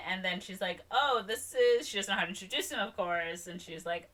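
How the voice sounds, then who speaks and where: Bright-voiced woman recapping a movie. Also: mid-range voice. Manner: animated, acts out characters' lines in quick voices. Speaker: podcast co-host. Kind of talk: casual movie recap chat.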